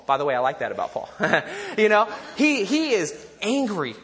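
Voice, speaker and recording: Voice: mid-range voice, big pitch swings, normal speed, few pauses, a bit bright. A pastor preaching a sermon in a conversational way, with joking asides to the congregation and repeated lines said together. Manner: leads call-and-response repetition.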